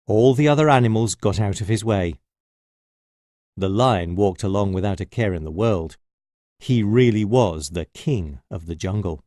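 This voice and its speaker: A man reading a children's story aloud, slowly and expressively. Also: on the low side, no room sound, clean studio sound. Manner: slow and expressive.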